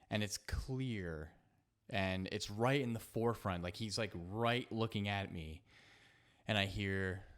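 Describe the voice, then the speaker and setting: A man hosting a solo podcast, telling a personal story in a reflective, halting way with many fillers and restarts. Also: lowish voice. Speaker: podcast host.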